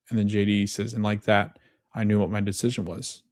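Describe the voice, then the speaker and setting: A man's voice: lowish voice, little pitch movement, a little fast, a little mellow, no room sound, studio quality. A man hosting a podcast, retelling scenes in casual chat, reading quoted lines and often correcting himself. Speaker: podcast host.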